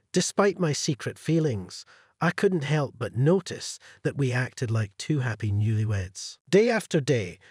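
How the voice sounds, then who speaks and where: A man narrating a first-person story in a measured storytelling delivery. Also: medium pitch, a little mellow, breathy edge, no echo, clean studio sound.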